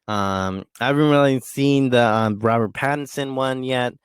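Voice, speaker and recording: A man with a clear, resonant, mid-range voice hosts a podcast on his own, speaking at a moderate pace in a casual, rambling monologue full of fillers and restarts. The recording is dry with clean studio sound.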